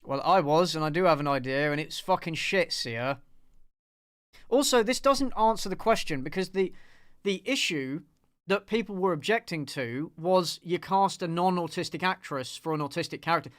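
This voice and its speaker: A man's voice: a little high, moderate pace, a bit bright, no room sound, clean studio sound. A man hosting a casual live commentary on a film review, sarcastic and ranting with plenty of swearing and laughter. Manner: laughs often.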